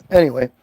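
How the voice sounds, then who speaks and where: High-pitched guy ranting sarcastically while reacting to a video. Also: dark tone, husky. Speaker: commentator. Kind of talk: casual reaction commentary.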